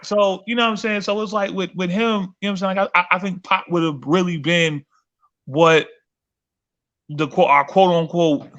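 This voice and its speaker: A man hosting a podcast, telling a story in a profane, animated way with many restarts. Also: high-pitched, normal speed, no room sound, muffled recording. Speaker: podcast host and performer. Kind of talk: casual chat, storytelling.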